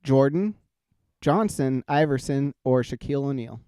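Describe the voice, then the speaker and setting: A man hosts a loose, laughing chat, tossing out questions and rambling through stories full of fillers. His voice is mellow and smooth, and the recording is close and dry. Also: mid-range voice, unhurried, dry recording. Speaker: podcast host. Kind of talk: casual chat.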